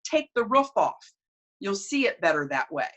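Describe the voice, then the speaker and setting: A woman's voice: mid-range voice, big pitch swings, moderate pace, fairly bright tone. A woman voicing her teasing younger brother as a boy, coaxing her along in a told story.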